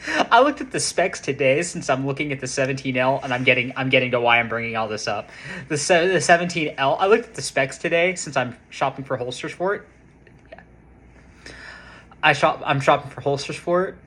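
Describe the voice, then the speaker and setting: A man's voice: fairly high pitch, normal speed. A man telling a casual, rambling story to camera, restarting his sentences and swearing for emphasis. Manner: rambling, restarts often, excited and profane about guns. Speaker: vlogger, casino security worker.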